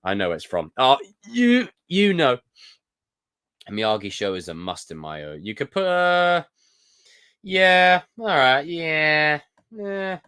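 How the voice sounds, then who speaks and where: An animated young man from the UK hosts a solo live stream and chats to his viewers. His pitch swings widely as he talks. He reads comments aloud and answers with quick jokes. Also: smooth. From United Kingdom. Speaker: livestream host. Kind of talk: casual live-stream chat.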